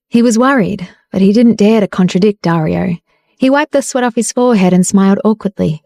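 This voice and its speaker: Mellow woman narrating a romance audiobook. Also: medium pitch, brisk, creaky, no echo. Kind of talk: scripted narration.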